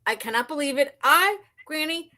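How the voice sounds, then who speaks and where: A woman guest on a live stream, talking in a gushing, excited, rambling way. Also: high-pitched, normal speed. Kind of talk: casual live-stream chat.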